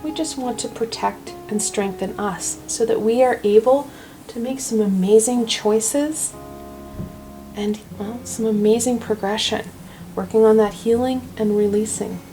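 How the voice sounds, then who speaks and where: A woman hosting a weekly tarot reading video, talking in a gentle, reassuring, chatty way. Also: on the high side, unhurried, soft background music, poor audio. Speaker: tarot reader.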